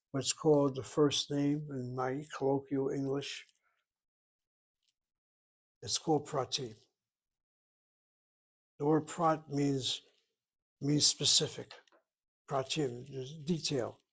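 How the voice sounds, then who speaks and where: A man giving a recorded Hebrew lesson, slowly explaining syllables and vowel marks. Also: mid-range voice, low-quality recording. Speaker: Hebrew teacher. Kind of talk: recorded independent-study lesson.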